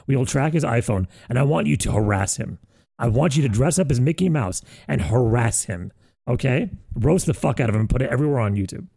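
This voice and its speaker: A young man co-hosting a casual comedy podcast, animated and mocking, swearing freely and jumping into high teasing voices. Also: fairly quick, gravelly, husky, no echo, clean studio sound.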